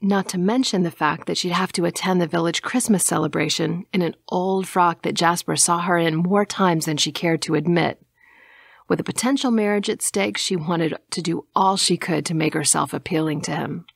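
A woman narrating an audiobook in a measured, even reading, dropping to a hush at times. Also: fairly low pitch, vocal fry, dry recording, clean studio sound.

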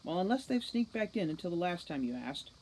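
A woman's voice: lowish voice, very animated, a little fast, mellow, husky, heavily acted, rough recording. Woman playing a smug, sarcastic centaur techie. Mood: flippant. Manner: sarcastic, flippant. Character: smug, wisecracking male centaur technician.

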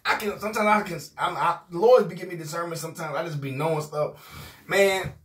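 A man preaching, rowdy and emphatic in an informal video sermon. His voice sits a little high for a man. He keeps coming back to "man" and to promises that he means it. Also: a little fast, a bit bright.

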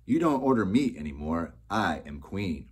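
A man reading an audiobook, voicing a desperate young queen and mother in a high, loud, pleading voice. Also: big pitch swings, normal speed, slight background noise. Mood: defiant.

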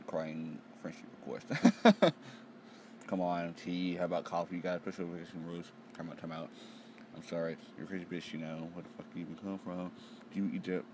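Deep-voiced young man, profane and excitable. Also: normal speed, noisy background. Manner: profane, excitable, reads panels aloud. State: tired. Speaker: manga reaction channel host. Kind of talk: casual live reaction read-aloud.

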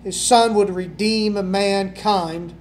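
A man preaching a sermon and reading scripture, folksy, asking the congregation rhetorical questions and swinging from loud emphasis to near-whispers. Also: sits high, steady tone, takes it slowly, a little hiss or hum. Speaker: pastor.

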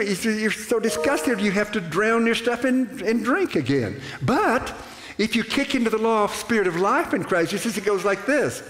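An older man preaching a sermon to a congregation, animated and rambling, with restarts and acted-out asides. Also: high voice. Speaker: pastor. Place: church sanctuary. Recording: echoey church hall.

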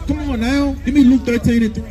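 A man's voice: very high voice, steady tone, fast talker, mellow, some chatter behind. A man preaching on the street outdoors at a gas station, scolding and calling for scripture to be read. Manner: confrontational, scolding, repetitive call-and-response. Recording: noisy outdoor street recording.

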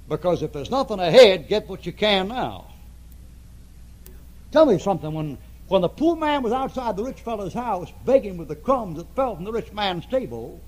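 An older man preaching a sermon to a congregation, repeating phrases and swinging between loud emphasis and hushed tones. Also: high voice, rough recording. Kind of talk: fiery sermon. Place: church before a congregation.

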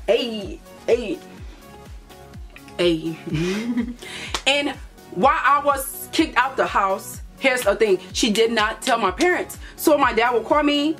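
Young woman from liberia, high voice, animated storytime, faint music behind. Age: young adult. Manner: animated, playful storytelling with put-on voices for relatives. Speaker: vlogger. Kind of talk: storytime vlog.

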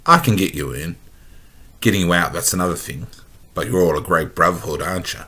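A cocky, flirty male space smuggler from a storybook, read by a man with an Australian accent. He teases and swaggers in a low, husky voice with a forceful edge. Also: a little fast, exaggerated voice. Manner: swaggering, teasing.

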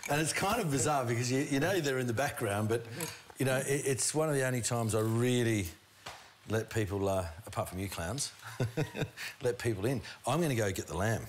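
A man's voice: medium pitch, moderate pace. A man with an Australian accent, a chef hosting a casual chat while cooking in his home kitchen, rambling and laughing often. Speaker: chef and host. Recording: live stream with clear background noise.

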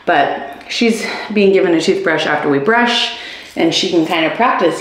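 A woman's voice: lowish voice, animated, normal speed. A young, heavily pregnant woman vlogging casually at home, chatty and giggly with lots of fillers. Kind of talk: casual vlog talk to camera.

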